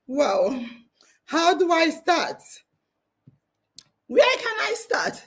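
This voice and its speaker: A woman hosting a live online hangout, excited and tearful, laughing as she reads out listener comments. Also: very high voice, very slow. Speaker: podcast host.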